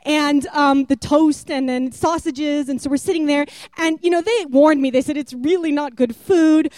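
A woman telling a rambling, animated testimony story and acting out the voices of the people in it. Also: high voice, moderate pace, dry recording. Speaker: church member giving a testimony.

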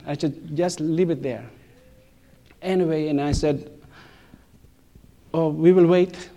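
A middle-aged man telling a personal church testimony, animated, repeating phrases and laughing between lines, with non-native English grammar. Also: high voice, unhurried, pauses often.

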